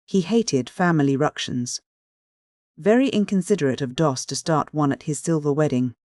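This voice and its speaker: An audiobook narrator reading a classic novel in a measured storytelling manner. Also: medium pitch, darkish tone, no echo. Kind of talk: scripted narration.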